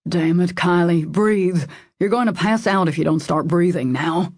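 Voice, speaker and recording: A woman reading the lines of a stern, protective man who barks sharp commands. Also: low-pitched, moderate pace, gravelly, husky, no room sound, studio quality, exaggerated voice. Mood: commanding.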